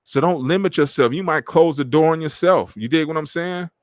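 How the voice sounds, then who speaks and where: A man's voice: a little high, fairly quick, dry recording. Streetwise man on his podcast, dry sound. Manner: streetwise slang, animated, acts out quoted friends. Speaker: podcast host. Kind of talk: casual motivational talk.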